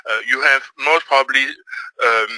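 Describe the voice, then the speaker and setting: A middle-aged man from Belgium with a Belgian French accent, giving a webinar presentation and pausing often on fillers. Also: medium pitch, fairly even intonation, bright, forceful tone, dry recording, rough recording. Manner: hesitant, many fillers. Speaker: trading presenter.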